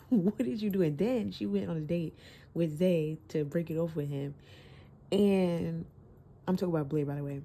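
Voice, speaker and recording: A woman's voice: on the low side, normal speed, mellow. A woman giving a casual, candid book review, laughing often and cursing freely while talking into her phone.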